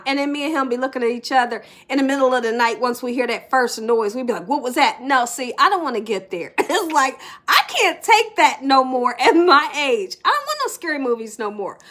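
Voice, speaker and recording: A middle-aged woman with a high voice vlogs from home, telling her viewers a story with lots of energy. She laughs often and sometimes drops to a whisper.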